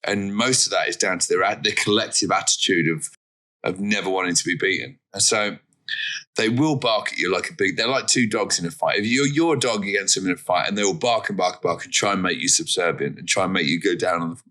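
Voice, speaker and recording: A jokey English man with a very low voice that still has a bright, forceful edge. He talks as a guest in a relaxed chat and pokes fun at himself. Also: fast talker. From England. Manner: jokey, self-deprecating. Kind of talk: casual chat.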